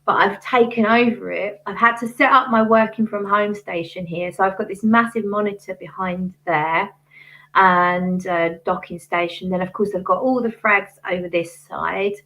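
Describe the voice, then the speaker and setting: A woman's voice: mid-range voice, fairly even intonation, normal speed, fairly bright tone, poor audio. A woman hosting a casual livestream chat from her home desk, talking in a chatty, hesitant way with many fillers. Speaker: fragrance channel host. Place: home desk working-from-home setup.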